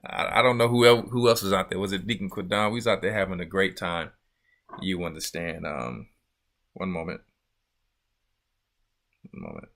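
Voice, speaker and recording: A man hosting a casual church livestream, chatting loosely and joking with his viewers. His voice sits on the low side but comes across bright and forceful. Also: moderate pace, pauses often. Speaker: church elder and show host.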